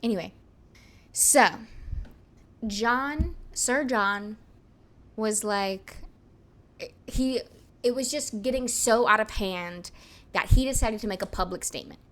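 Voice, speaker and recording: Young woman, casual podcast co-host, animated storyteller, filler-heavy. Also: fairly high pitch, slow, pauses often. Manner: animated, laughs often, many fillers.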